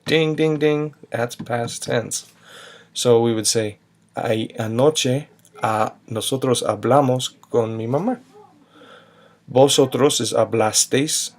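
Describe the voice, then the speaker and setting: Man, teacher, patient, explains step by step, mid-pitched voice. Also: fairly even intonation, takes it slowly. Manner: patient, spells out endings, sings a short chant. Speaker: Spanish teacher. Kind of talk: recorded grammar lesson.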